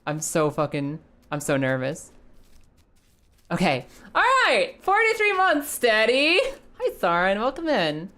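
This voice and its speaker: A woman's voice: mid-range voice, wildly swooping pitch, unhurried, bright, forceful tone. A young woman casually chatting to her live chat while playing a game, swearing now and then. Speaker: streamer. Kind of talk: live gameplay commentary.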